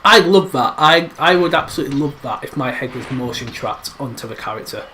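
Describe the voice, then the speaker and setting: A man's voice: medium pitch, fairly quick, bright, forceful tone, slight background noise. A man hosting a gaming livestream, giving casual, rambling gameplay commentary full of teasing jokes.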